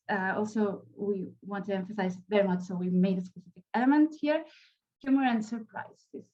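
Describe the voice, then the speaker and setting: Spanish woman trainer, mid pitch, hesitant delivery, muffled audio. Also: a little mellow. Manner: halting, many fillers and restarts. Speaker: workshop trainer. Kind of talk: online training workshop.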